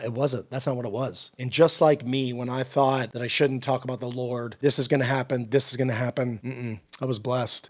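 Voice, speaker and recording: A man's voice: medium pitch, a little mellow. Earnest man preaching encouragement. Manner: earnest, emphatic repetition. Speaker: Christian encouragement speaker. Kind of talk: sermon-style encouragement talk.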